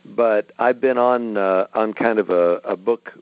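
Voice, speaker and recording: A middle-aged man with a lowish voice talks through his writing process in an easy, explanatory manner. He comes through a tinny phone line, and the sound is dry and close with no room echo. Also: unhurried, smooth. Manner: relaxed, explanatory storytelling. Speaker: author guest. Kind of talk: interview over a phone line.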